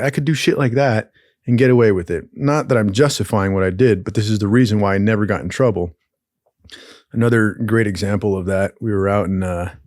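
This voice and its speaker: A man's voice: fairly low pitch, a little mellow, no echo, clean studio sound. A man telling a rambling, profane story in casual talk, laughing often along the way. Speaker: storyteller host.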